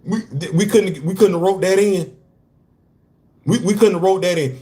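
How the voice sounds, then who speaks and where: A man hosts a casual comic-book commentary show, speaking animatedly in slang, repeating his points, and laughing frequently. His voice sits high with a dark tone, and he speaks at a normal speed.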